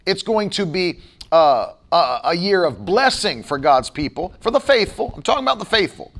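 A man's voice: high voice, sing-song, normal speed, a bit bright. A man pastor preaching a sermon, emphatic and repetitive, firing off rhetorical questions.

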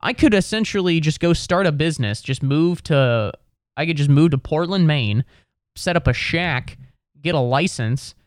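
A man's voice: on the high side, animated, moderate pace, clean tone, no echo, studio quality. A man doing a rambling, exasperated stand-up routine, swearing freely. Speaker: comedian. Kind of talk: stand-up comedy monologue.

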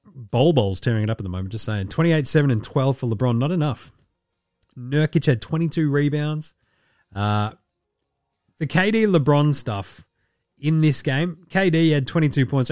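A man's voice: mid-range voice, lively intonation, moderate pace, a little mellow, dry recording, studio quality. A man hosting a podcast, running through sports results in a loose, joking, sweary casual chat. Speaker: podcast host.

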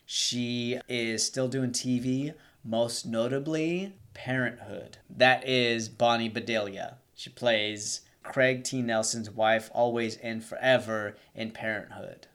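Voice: medium pitch, fairly even intonation, slow, hardly any pauses, a bit bright, clear, resonant tone. Enthusiastic fan-like podcast co-host. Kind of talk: casual chat.

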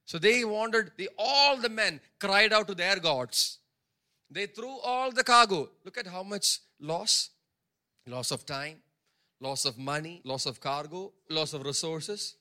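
A man's voice: high voice, animated, a little slow, bright, forceful tone. A male pastor preaching a sermon, stressing points by repeating phrases and acting out the characters' words in his own voice. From India.

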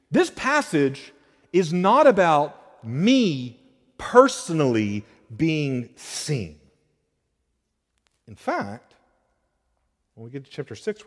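A man preaching a sermon as pastor, moving between quiet explanation and emphatic, rising declarations. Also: mid-range voice. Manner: animated preaching, swings between soft and emphatic. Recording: reverberant hall.

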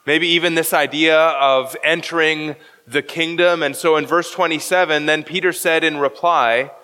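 A male pastor with a fairly high, bright voice delivers an expository sermon. He works through a text verse by verse and explains the Greek wording. His voice carries a long reverb, as in a large church hall. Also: fairly even intonation, normal speed, few pauses, clear, resonant tone.

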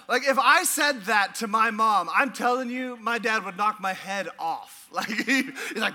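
A man preaching a sermon as pastor, animated and playful, with frequent laughs and asides. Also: high voice, normal speed. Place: church.

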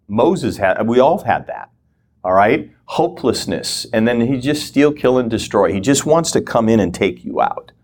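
A man giving a conversational teaching talk, often acting out short prayers and inner thoughts. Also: fairly low pitch. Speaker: guest teacher.

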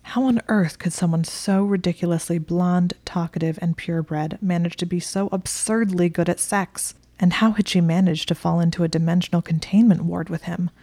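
Whispered role-play narrator: woman, low, flat, gravelly, dark and dry, hushed delivery. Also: dry recording. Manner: hushed, slow and breathy.

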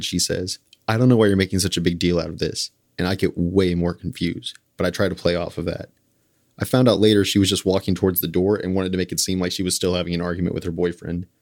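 A man's voice: deep voice, darkish tone, no echo, clean studio sound. A young man, a podcast guest, telling a story in a casual, wry, conversational way.

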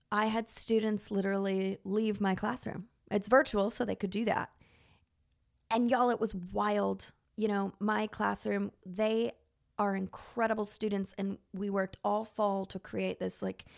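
Earnest gravelly-voiced woman teacher. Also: mid-range voice. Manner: earnest, emotional, animated storytelling with many fillers. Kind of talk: personal storytelling talk.

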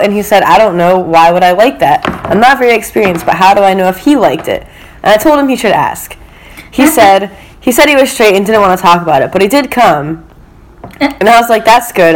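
A woman's voice: medium pitch, expressive, moderate pace, a little hiss or hum. A young woman co-hosting a casual podcast, retelling dating-app messages with a laugh. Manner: chatty storyteller who laughs at her own anecdotes. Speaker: podcast co-host.

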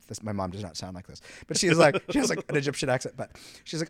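A man from Canada, speaking at a mid-range pitch, tells stories with lively animation, says "like" constantly and often laughs mid-sentence. He sounds like a theatremaker chatting as a podcast guest. The recording is close and dry, with no room sound. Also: fast talker, no echo. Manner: animated storyteller, heavy use of "like", laughs often. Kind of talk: casual conversational interview.

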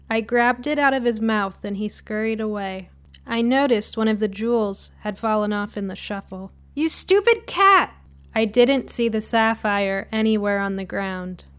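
A woman calmly narrating a first-person spooky story in an even storytelling manner. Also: mid-range voice, normal speed, clear, resonant tone.

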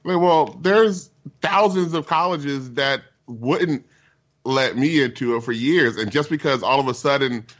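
A man's voice: mid-range voice, a little slow, fairly bright tone, lo-fi sound. Man rambling emphatically, with many restarts. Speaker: podcast co-host. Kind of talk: casual group chat.

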